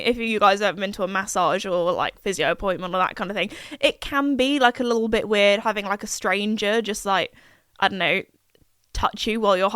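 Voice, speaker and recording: A woman's voice: fairly high pitch, fairly bright tone, clear, resonant tone, no echo, clean studio sound. A young woman, hosting a podcast in a rambling, chatty way full of fillers. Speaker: podcast host. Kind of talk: casual chat.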